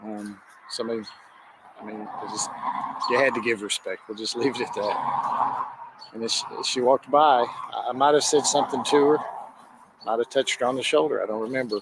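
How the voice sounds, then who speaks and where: A man's voice: mid-range voice, steady tone, moderate pace, long pauses. Hesitant man recounting a moment, noisy clip. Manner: hesitant, emotional retelling. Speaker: photographer recounting a parade. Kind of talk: recorded interview clip. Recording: clip with clear background noise.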